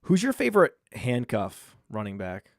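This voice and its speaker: An opinionated man gives quick takes in a casual fantasy football chat, stuttering a little as he gets his points going. His voice sits at a middle pitch. The recording is dry and close. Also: huge pitch swings, no echo. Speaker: podcast guest.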